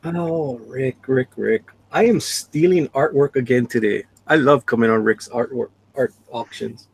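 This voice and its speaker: Gravelly husky man, enthusing over art. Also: mid-range voice, a little slow, low-quality recording. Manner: enthusiastic, talks up the artwork. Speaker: bidder on an online art auction. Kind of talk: casual livestream chat.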